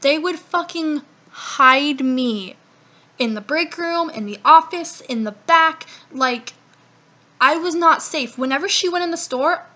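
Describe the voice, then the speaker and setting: Young woman vlogging a storytime, high bright voice, cussing a lot, rambly and animated. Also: measured pace. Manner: profane, rambling, animated retelling with quoted dialogue. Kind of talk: casual storytime vlog.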